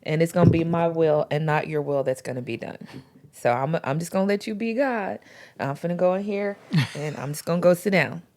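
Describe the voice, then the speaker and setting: A woman's voice: on the low side, brisk, a little mellow. A woman talking earnestly about faith in a casual podcast chat, with informal slang. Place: podcast recording.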